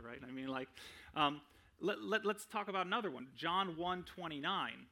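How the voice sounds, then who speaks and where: A man's voice: a little high, expressive, normal speed, creaky, sharp tone. A young man giving a sermon in a conversational way, often checking in with "right?" and adding self-deprecating humor. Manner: conversational, frequent "right?" tag questions. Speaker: preacher.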